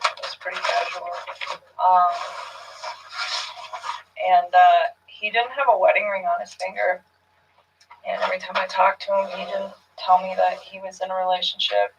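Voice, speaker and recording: A woman answering questions in a recorded police interview, hesitant and soft, often trailing off into near-whispers. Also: on the low side, creaky, a little hiss or hum. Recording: muffled, distant room recording.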